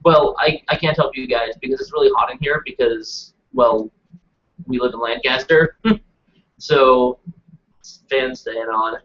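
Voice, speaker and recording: A man's voice: medium pitch, a little slow, fairly bright tone, highs cut off. A man co-hosting a casual live-stream chat from a hot room at home, easygoing and hesitant, with many ums.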